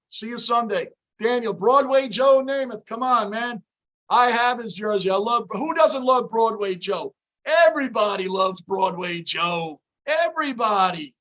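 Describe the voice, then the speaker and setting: A hoarse man, high-pitched and fired up as he hosts a fan livestream. He talks straight at his viewers in a loose, hyped chat style. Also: fairly bright tone, rough recording. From New York. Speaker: livestream host.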